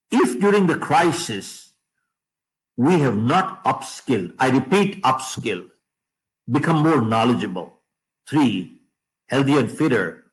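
A man giving a motivational talk to an audience, emphatic, repeating key phrases and dropping his voice low on punchlines. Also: poor audio. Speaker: motivational speaker.

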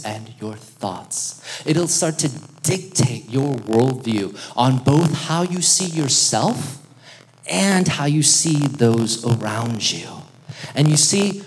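A man preaching a sermon in a lively, conversational way, joking with the congregation and calling on them to respond. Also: mid-range voice. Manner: lively, conversational preaching with jokes and audience interaction. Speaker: pastor.

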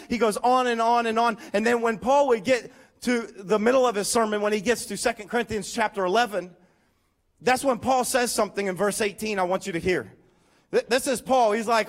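A pastor giving a lively, conversational sermon with emphatic points and humorous asides. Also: male voice, high voice, fairly quick.

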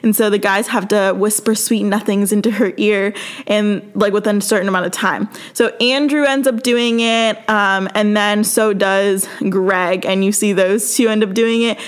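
A young woman talks her way through a story in an easygoing, casual way, with "like" and "um" tucked into nearly every sentence. Her voice sits at an ordinary middle pitch. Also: steady tone, moderate pace, clean tone. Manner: chatty, filler-heavy storytelling with frequent "like" and "um". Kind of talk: casual chat recapping a TV episode.

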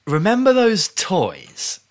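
A man's voice: sits high, huge pitch swings, takes it slowly. A man co-hosting a casual chat, teasing and arguing his point playfully. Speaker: podcast co-host. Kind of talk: casual banter.

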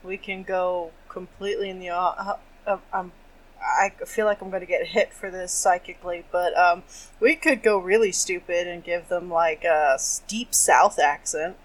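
Lower-pitched woman, hesitant. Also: steady tone, moderate pace, poor audio. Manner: hesitant, with fillers. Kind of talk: casual chat.

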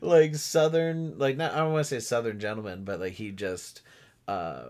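A man in casual podcast chat, animated, laughing often and mimicking people in a lower voice. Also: normal speed. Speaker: podcast co-host. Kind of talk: casual chat recapping a reality show.

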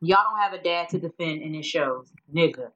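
A woman co-hosting a podcast, telling gossip stories in a blunt, profane, animated way. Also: deep voice, brisk. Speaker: podcast co-host. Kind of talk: casual gossip chat. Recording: dull lo-fi audio.

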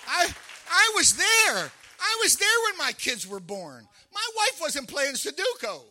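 A middle-aged man preaching a sermon, with emphatic storytelling that rises into shouts. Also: very high voice, wildly swooping pitch, unhurried, a faint crowd. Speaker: pastor.

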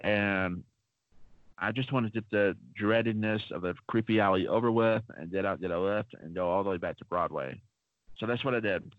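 A man's voice: on the low side, normal speed, dry recording. A man co-hosting a podcast, telling rambling stories in a chatty way with lots of fillers. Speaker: podcast co-host. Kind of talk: casual podcast storytelling. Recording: dull lo-fi dry sound.

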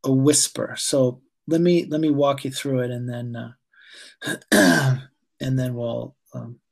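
A man, a yoga teacher being interviewed, speaking calmly and haltingly with many fillers as he guides a breathing exercise. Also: medium pitch, creaky.

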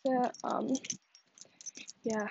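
A young woman talks into her phone while walking outside, rambling through gossip with plenty of fillers. Her voice sits high. The recording is a bit muffled and lo-fi, with faint noise behind her. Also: fairly even intonation, drawn-out words, vocal fry. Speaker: vlogger. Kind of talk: casual fake phone chat while walking. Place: outdoors on a neighborhood walk with a dog. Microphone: phone held while walking.

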